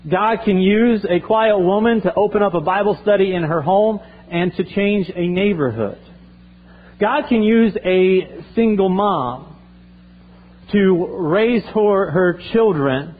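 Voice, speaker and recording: Earnest male pastor preaching. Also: high voice. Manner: earnest, repeats himself, restarts phrases. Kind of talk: sermon. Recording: tinny phone-like sound.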